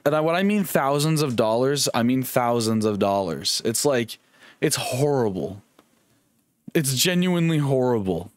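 A young man streaming a video game, chatting casually in a rambling, jokey, excitable way and swearing often. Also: medium pitch, normal speed, no room sound. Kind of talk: casual live-stream gaming chat.

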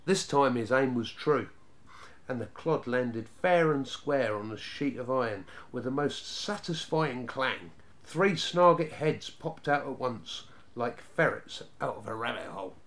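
A man's voice: medium pitch, expressive, unhurried, a bit bright. Man reading a storybook steadily. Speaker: narrator.

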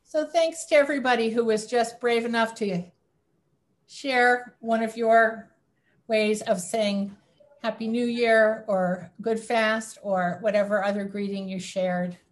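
A woman leading an online religious service over a video call, inviting people in a gentle, unhurried way. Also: on the high side, steady tone. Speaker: service leader.

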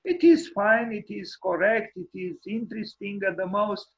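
A male architect hosting an informal online lecture, talking in a halting way with many fillers and restarts, frank and wryly opinionated. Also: high-pitched, steady tone, slightly rough, highs cut off. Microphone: video call microphone.

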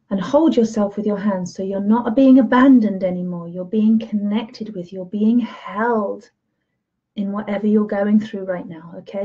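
A woman teacher leading a guided self-love session in a slow, soothing, gentle way. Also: medium pitch, husky, highs cut off. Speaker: spiritual teacher.

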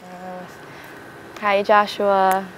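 A woman's voice: mid-range voice, flat delivery, extremely slow, a little hiss or hum, low-quality recording. A young woman recounting her engagement in a casual interview, playful and affectionate, acting out remembered exchanges. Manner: playful, acts out quotes, affectionate. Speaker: bride-to-be interviewed for an engagement video.

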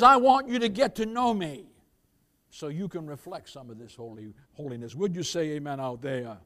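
High-pitched pastor guy preaching, big loud swells then hushed bits, keeps saying beloved. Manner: preaching with dramatic swells, repeated "beloved", calls for amen. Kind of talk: sermon.

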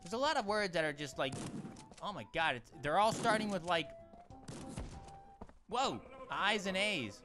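Casting note: jokey, punning male gaming host, bouncy pitch, game music underneath. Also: big pitch swings, measured pace, long pauses. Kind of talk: goofy let's-play commentary.

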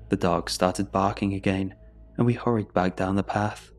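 In a deep voice, a man narrates a scripted horror story at a steady, measured pace while soft music plays in the background.

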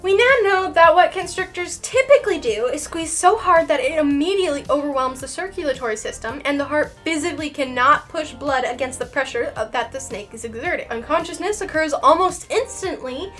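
High-voiced, playful woman. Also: a little fast, hardly any pauses, soft background music. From Canada. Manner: lively, playful and sarcastic, with dramatic emphasis. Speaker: reptile educator and channel host. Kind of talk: educational video explaining science.

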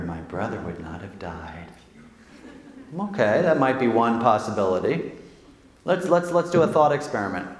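Priest man giving a lively joking talk, lots of "right?", big echoey hall w long reverb. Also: medium pitch. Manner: animated, jokey, acts out quotes, frequent "right?" tags. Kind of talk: lively faith talk to an audience. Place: large hall with audience.

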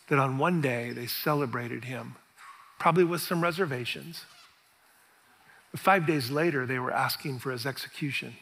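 A middle-aged man preaching a sermon as pastor, telling stories with animated, acted-out quoted reactions. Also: mid-range voice, slightly rough. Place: large church hall. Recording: reverberant church hall.

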